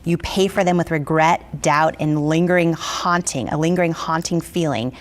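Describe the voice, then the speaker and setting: A woman interviewing a guest, asking questions in an enthusiastic, animated way. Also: low-pitched, normal speed, a little hiss or hum. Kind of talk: conversational interview.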